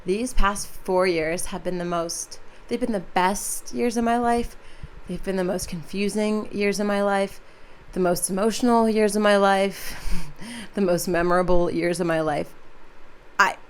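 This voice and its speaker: A woman's voice: mid-range voice, fairly even intonation, measured pace, a little hiss or hum. A twenty-one-year-old woman hosting her own podcast, talking casually and chattily with lots of "like" and "um". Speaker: podcast host.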